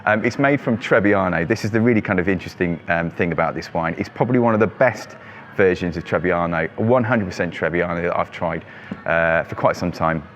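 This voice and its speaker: A low-voiced man speaking fairly quickly hosts the monthly wine selection at his shop. It's casual product talk sprinkled with ums and fillers, with traffic going by outside.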